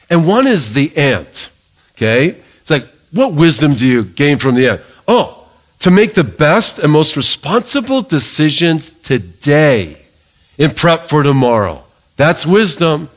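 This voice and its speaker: A middle-aged male pastor preaching a sermon in a lively, joking way, calling for amens from the congregation. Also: on the high side.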